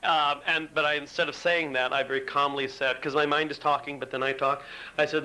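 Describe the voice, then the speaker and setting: A man's voice: on the high side, steady tone, fairly quick, pushed and bright, rough recording. A man giving a candid, self-mocking recovery talk at a retreat, acting out his own inner argument as he tells the story, recorded on an old tape. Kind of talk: personal recovery talk to a live audience. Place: retreat meeting room. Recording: old tape with faint hiss.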